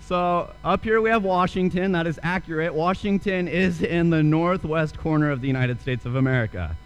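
A man's voice: fairly high pitch, normal speed, low-quality recording. A young man preaching a sermon, telling a story and then asking earnest rhetorical questions. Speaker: pastor.

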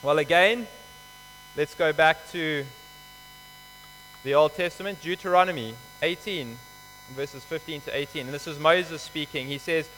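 Guy preaching a sermon, bright forceful voice, echoey hall w/ faint hum. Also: a little high, measured pace, long pauses. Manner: expository, conversational, emphatic.

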